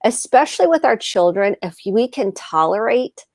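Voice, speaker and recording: A woman therapist co-hosting a live advice talk, explaining calmly and acting out example conversations. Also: medium pitch, normal speed, no echo, clean studio sound. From United States. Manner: calm, explanatory, acts out example dialogue. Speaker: therapist co-host.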